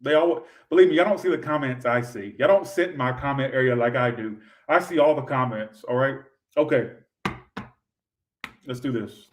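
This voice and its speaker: A man's voice: mid-range voice, normal speed. A man giving a livestream tarot reading in a sassy, profane, rambling way, talking straight to his viewers. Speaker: tarot reader.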